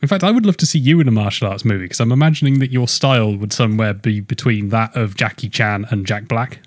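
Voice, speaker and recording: A man co-hosting a casual podcast, joking around and getting animated when excited. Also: quick pace, no echo, studio quality. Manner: jokey, animated, rising pitch when excited. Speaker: podcast host.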